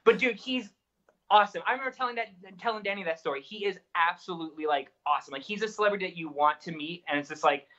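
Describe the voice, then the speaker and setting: Bright-voiced man telling an anecdote. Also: sits high, quick pace, muffled recording. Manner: excited, quotes people in dialogue. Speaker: co-host. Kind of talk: casual storytelling.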